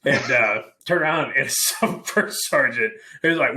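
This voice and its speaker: A man co-hosting a casual podcast, telling an animated army story and swearing freely. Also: medium pitch, a little slow. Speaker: podcast co-host. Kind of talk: casual chat.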